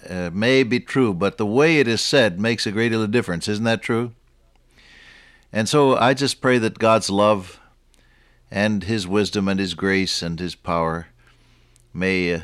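A man's voice: lowish voice, fairly bright tone, no room sound, clean studio sound. A man preaching a Bible teaching sermon in a conversational way, often asking his listeners rhetorical questions and chuckling at his own stories.

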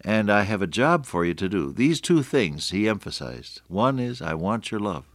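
An older man preaching a radio sermon, earnest, often slowing and dropping to a near-whisper for emphasis. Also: lowish voice, very animated, no echo, studio quality.

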